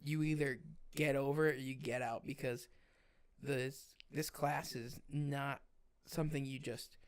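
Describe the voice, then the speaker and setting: A man's voice: mid-range voice, steady tone, unhurried, smooth. A young man, a podcast co-host, telling a firefighter training story in casual chat, acting out the others' voices and swearing freely.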